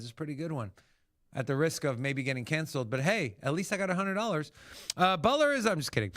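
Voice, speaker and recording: Dry-voiced excitable crypto host guy. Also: fairly high pitch, no echo. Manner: casual, excitable, swears freely. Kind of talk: livestream market commentary.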